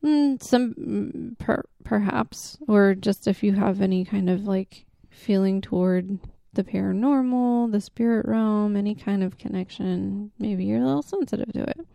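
Gravelly, mellow-voiced woman chatting casually. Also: medium pitch, a little slow, few pauses, dry recording. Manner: chatty storyteller, many fillers, laughs easily. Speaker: podcast co-host. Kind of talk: casual chat.

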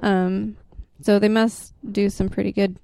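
A woman's voice: mid-range voice, little pitch movement, measured pace, gravelly, dark tone, clear, resonant tone, dry recording, studio quality. A woman co-hosting a casual podcast, telling a story with lots of fillers and easy laughs. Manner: chatty storyteller, many fillers, laughs easily. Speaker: podcast co-host. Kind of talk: casual chat.

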